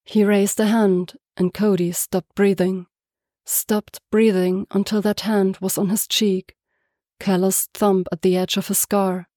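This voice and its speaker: A woman reading a story aloud as narrator, soft-spoken and even. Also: mid-range voice, measured pace, dry recording, clean studio sound. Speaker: podfic reader. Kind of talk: scripted narration.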